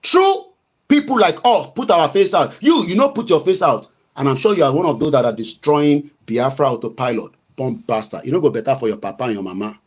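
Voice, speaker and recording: A man's voice: medium pitch, lively intonation, a little fast, husky. A middle-aged Nigerian man hosting his own online show, giving a heated, combative commentary. He scolds and repeats himself and greets viewers by name.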